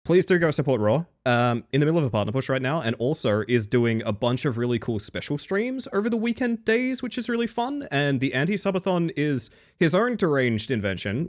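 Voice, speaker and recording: Man, streamer, casual banter, teasing, swearing, lively intonation. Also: mid-range voice. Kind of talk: casual live-stream chat.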